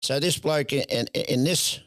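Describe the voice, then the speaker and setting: Older aussie bloke telling a rambling yarn, laughs a lot, dead dry sound. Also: male voice, fairly high pitch, normal speed, fairly bright tone, no echo. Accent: Australian. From Australia. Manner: rambling yarn-spinner, acts out voices, laughs often. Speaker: guest, showman. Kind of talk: casual storytelling.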